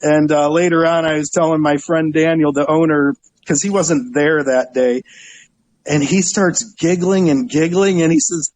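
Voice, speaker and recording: A middle-aged man with a slightly high voice tells stories in a relaxed interview. He acts out the people he describes and laughs often. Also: unhurried, poor audio. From Northeast Ohio. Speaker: guest, travel website owner. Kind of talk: casual storytelling interview.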